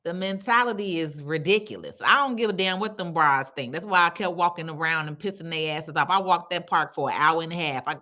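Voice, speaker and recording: A woman's voice: fairly low pitch, fairly quick, few pauses, bright, forceful tone. A woman hosting a casual livestream, talking bluntly and with plenty of profanity, laughing often as she reads viewer comments aloud. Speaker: livestream host.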